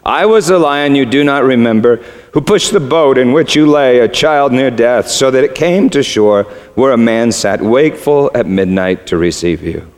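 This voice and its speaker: A man voicing a vast, gentle male lion, speaking slowly and gravely. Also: animated, lightly acted. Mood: solemn. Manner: slow, low and grave. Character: vast, calm, deep-voiced male lion, solemn and gentle. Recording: echoey hall.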